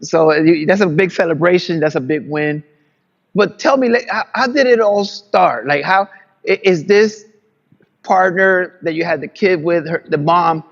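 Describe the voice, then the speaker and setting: A male podcast interviewer with a slightly higher voice gently prompts his guest with questions and fillers. The sound is dull and lo-fi. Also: normal speed.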